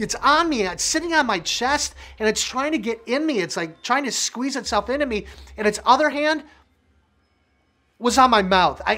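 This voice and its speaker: A man's voice: very high-pitched, pushed and bright. Middle-aged man telling a vivid testimony. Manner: vivid storytelling with emphatic repetition. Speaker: minister sharing his testimony. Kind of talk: emphatic personal testimony.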